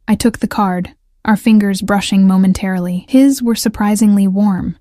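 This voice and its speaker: Mellow woman narrating a romance audiobook. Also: medium pitch, steady tone, moderate pace, no room sound, studio quality.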